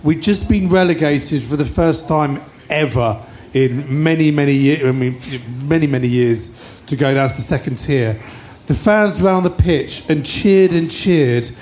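A man's voice: a little high, a little mellow, a little hiss or hum. A man hosting a live podcast, reminiscing with enthusiasm about old football matches. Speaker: podcast host. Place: live show venue with audience.

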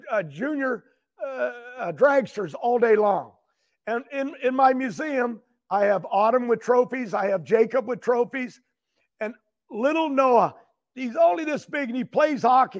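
An older man telling a long, emotional story as a guest, rambling and repeating words as he gets worked up. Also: extremely high pitch. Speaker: guest, retired champion racer.

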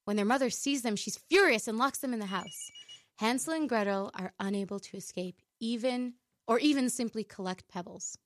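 A woman's voice: on the high side, normal speed, dry recording. Giggly radio co-host woman, dry sound. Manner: giggly, playful. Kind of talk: casual chat and reading a story aloud. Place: radio studio.

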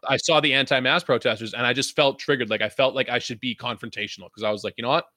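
A man's voice: mid-range voice, steady tone, quick pace, pushed and bright, dry recording, clean studio sound. A young man from Vancouver hosting a podcast, ranting in a casual, profane, rambling way and laughing often. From Vancouver, Canada. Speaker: podcast host.

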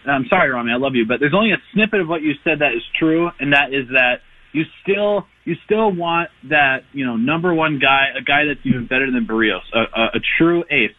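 A man's voice: medium pitch, expressive, a little fast. A man calling in to a sports radio show, making an enthusiastic, rambling argument. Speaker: caller. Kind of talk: call-in sports opinion. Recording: tinny phone line.

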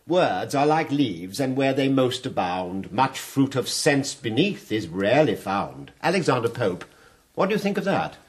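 A silky, taunting fire captain. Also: male voice, mid-range voice, sing-song, unhurried. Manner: silky, taunting, quotes verse at length. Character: sly, mocking fire captain, middle-aged man. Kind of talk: radio drama acting.

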